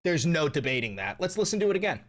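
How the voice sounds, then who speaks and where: A young man hosting a commentary vlog, swearing freely and mocking his subjects. His voice sits a little high and swings widely up and down as he rants. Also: very animated, fast. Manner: profane, heated and mocking. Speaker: host.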